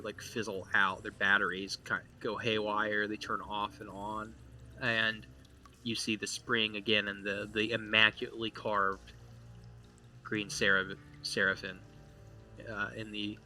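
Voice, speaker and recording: A man narrating as game master of a tabletop role-play, casual and halting, with many fillers. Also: lowish voice, sharp tone.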